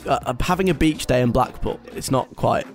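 A young British man on the radio goes through a list aloud, teasing it in a wry, conversational manner. He talks a little fast in a mid-range voice, with faint music in the background.

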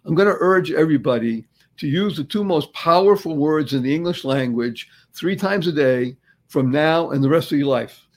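Upbeat, rather high-voiced male host. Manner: enthusiastic, repeats key phrases for emphasis. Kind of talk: upbeat motivational talk.

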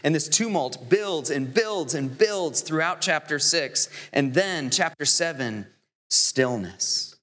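A man preaching a sermon as deacon, earnest, building to emphatic peaks and slowing on key phrases. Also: on the high side, animated, fairly bright tone, soft background music. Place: church. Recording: long hall reverb.

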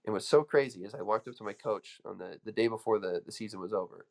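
A man's voice: fairly low pitch, fast talker, creaky, darkish tone. A man coaching an audience with an emphatic, storytelling motivational speech, full of restarts. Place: room with an audience.

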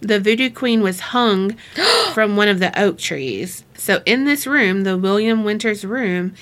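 A woman's voice: mid-range voice, lively intonation, a little slow, a bit bright. A woman co-hosting a podcast, telling ghost stories in a giggly, chatty way. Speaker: podcast co-host. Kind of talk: casual chat.

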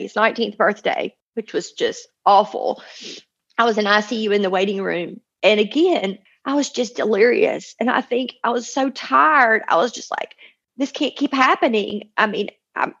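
Husky mother telling her story earnestly. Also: on the low side. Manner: earnest, tumbling storyteller who acts out quoted voices. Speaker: mother sharing a personal testimony. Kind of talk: emotional personal testimony. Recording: dull lo-fi recording.

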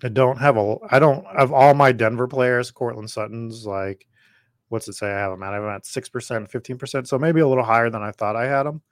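Fairly quick and steady in tone, a podcast host with a medium-pitched, slightly worn voice drafts live while rambling chattily through viewer comments. The audio is studio quality with no echo.

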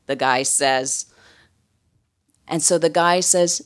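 A woman's voice: low voice, steady tone, a little slow. A woman telling a funny personal story in a chatty way, full of "like" fillers. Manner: chatty, comic, many "like" fillers.

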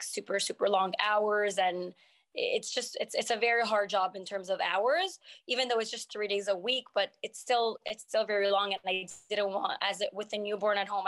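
A young woman chats casually in an interview, her sentences stopping and restarting as she gathers her thoughts. Her voice sits at an ordinary middle pitch for a woman. She talks about moving from nursing to selling jewelry online. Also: a bit bright. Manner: halting, many restarts and fillers. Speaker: nurse turned online jewelry seller.

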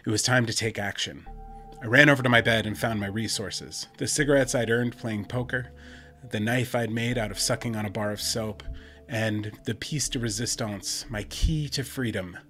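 Low-voiced man narrating a horror story. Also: fairly even intonation, sharp tone, faint music behind. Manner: measured, dramatic, wry. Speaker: podcast host and storyteller.

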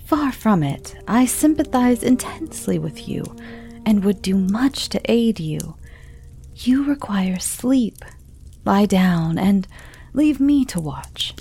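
A woman voicing a calm male doctor who speaks softly and in whispers to soothe a patient. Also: mid-range voice, slow, breathy edge, soft background music, full character voice. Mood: soothing.

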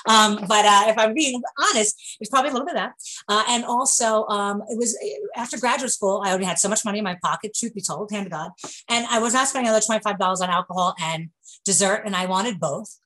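A woman's voice: medium pitch, fast talker, low-quality recording. A woman with a New York accent, a business owner joking and laughing through a video call interview with lots of fillers and restarts. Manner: joking, animated, laughs often, many fillers.

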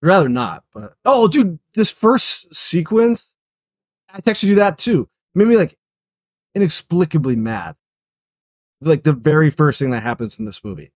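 Slightly high podcast dude, blunt and fed up, lots of swearing, dry mic. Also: male voice, big pitch swings, measured pace, dry recording. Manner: blunt, exasperated ranting, swears. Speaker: podcast co-host. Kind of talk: casual chat.

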